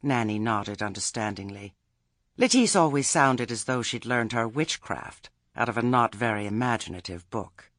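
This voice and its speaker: A man's voice: medium pitch, animated, moderate pace, fairly bright tone, no room sound, studio quality. A man reading a story aloud as narrator, with a wry telling. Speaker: audiobook narrator. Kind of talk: scripted narration.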